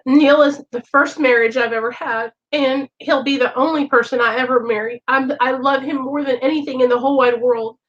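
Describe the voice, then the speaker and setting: Woman hosting a stream, high voice, heartfelt and emotional, on dull lo-fi audio. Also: steady tone, brisk, hardly any pauses, fairly bright tone. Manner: emotional, earnest, keeps addressing viewers. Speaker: host of a recovery livestream. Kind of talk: heartfelt direct-to-camera talk. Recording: dull lo-fi recording.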